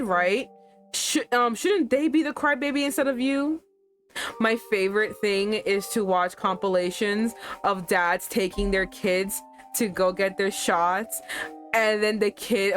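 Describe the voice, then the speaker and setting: A woman streamer reading a romance game aloud and reacting with animated, profane asides. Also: a little high.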